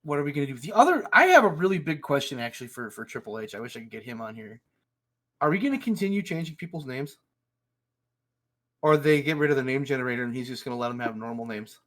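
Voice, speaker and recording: A man's voice: mid-range voice, big pitch swings, fast talker, fairly bright tone. A man co-hosting a wrestling podcast in casual chat, joking, swearing often and laughing. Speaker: podcast co-host.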